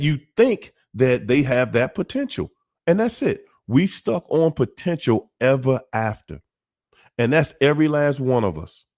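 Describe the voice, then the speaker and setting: With a medium-pitched, slightly mellow voice, a livestream host chats casually with his viewers. His delivery is preachy, emphatic and repetitive.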